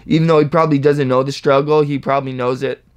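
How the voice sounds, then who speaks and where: A man's voice: medium pitch, quick pace, clean tone. A man hosting a reaction video, chatting casually and whooping at lines he likes. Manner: excitable, hypes bars with whoops and laughs.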